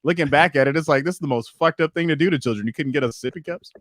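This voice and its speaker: A man's voice: a little high, very fast, dry recording, clean studio sound. A man co-hosting a podcast in casual chat, rambling and swearing freely. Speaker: podcast co-host.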